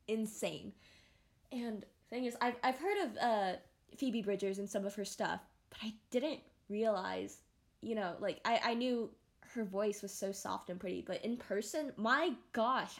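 A young woman chats on her own podcast in a loose, rambling way. She restarts sentences and fills pauses constantly, her voice sitting at an ordinary middle pitch. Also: creaky. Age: young adult. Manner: rambling and animated, many fillers and restarts. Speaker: podcast host. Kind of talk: casual solo podcast chat.

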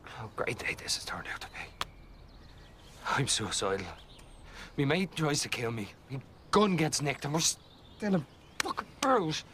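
An actor playing a volatile, guilt-ridden young hitman in a film scene, with a gravelly voice. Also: a little high, very animated, a little slow, pauses often, background noise. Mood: bitter. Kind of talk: film acting.

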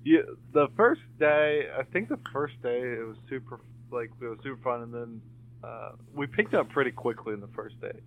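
A man's voice: medium pitch, lively intonation, moderate pace. Guy rambling on a podcast, swears a bunch, sounds like a phone call. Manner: rambling, swears casually, many fillers. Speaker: podcast co-host. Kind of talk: casual chat. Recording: tinny phone-like call audio.

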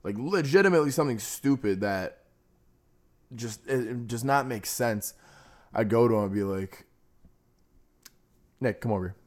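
A man's voice: medium pitch, lively intonation, normal speed. A young man, a teacher and podcast co-host, telling classroom stories in slangy, laughing casual chat. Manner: slangy, swearing, laughing storyteller.

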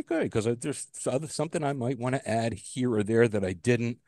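A man's voice: medium pitch, moderate pace, a little mellow, dry recording, studio quality. A man co-hosting a casual podcast, ranting about a pet peeve, swearing freely and restarting his sentences. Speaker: podcast co-host.

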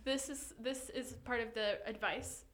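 A young woman co-hosting a podcast in casual chat, animated and giggly, often reading posts aloud. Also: a little high, a little slow, roomy sound. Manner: giggly, animated, breaks into loud laughter. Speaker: podcast co-host.

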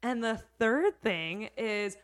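A woman's voice: fairly high pitch, lively intonation, takes it slowly. A woman who works as a hair educator, a podcast guest chatting casually, with lots of "like" and "you know what I mean.". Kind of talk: casual interview chat.

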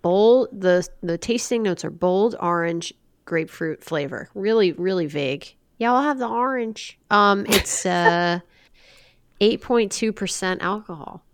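A woman's voice: mid-range voice, measured pace, clean tone. A woman co-hosting a podcast in casual chat over beers, joking, laughing often and swearing now and then. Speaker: podcast co-host.

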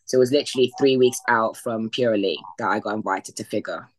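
Deep-voiced woman from the UK, guest on a podcast, chatty storyteller who mimics others' lines. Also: fast. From United Kingdom. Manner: retells past conversations in quoted voices, with frequent fillers and laughs. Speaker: podcast guest, bodybuilding athlete. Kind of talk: casual conversational storytelling.

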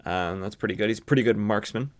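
Speaking quickly in a fairly low voice, a man from the western US hosts a podcast where he runs through a comic book recap in a loose style, with plenty of fillers and corrections to himself.

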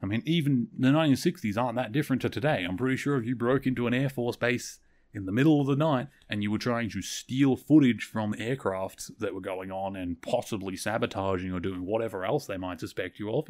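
A man hosting a podcast, casually retelling a TV episode with chatty, animated asides and quick quoted lines. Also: medium pitch. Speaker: podcast host.

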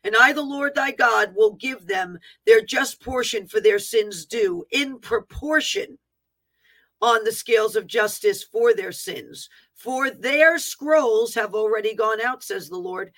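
A woman's voice: fairly high pitch, a little slow, fairly bright tone. A woman reading a prophetic word aloud with fervent proclaiming, breaking off for plain asides about how the written text looks. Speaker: prophetic minister.

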